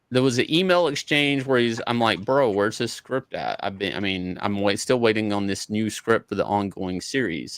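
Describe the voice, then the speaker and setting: A man's voice: fairly low pitch, fairly bright tone, clear, resonant tone, dry recording. A man, a comic book artist, telling a story in an interview in a casual, profane way, acting out both sides of each conversation.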